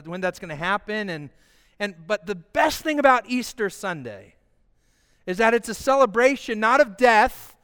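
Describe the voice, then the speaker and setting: High-voiced man preaching in a reverberant hall. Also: smooth. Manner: lively, calls the congregation to repeat after him. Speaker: pastor. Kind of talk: Easter sermon. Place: church sanctuary with congregation.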